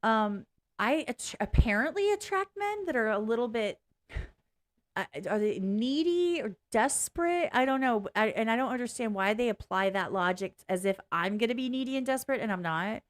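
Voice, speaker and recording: Female vlogger, higher voice, blunt and rambling, casual reaction commentary. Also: animated, moderate pace. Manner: blunt, frank, swears freely; rambling, self-interrupting. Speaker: reaction video host.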